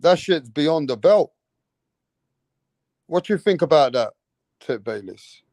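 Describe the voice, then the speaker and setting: A man's voice: on the high side, animated, slow pace, darkish tone, dry recording. A man, a boxing channel host, ranting indignantly in heated casual commentary with heavy swearing.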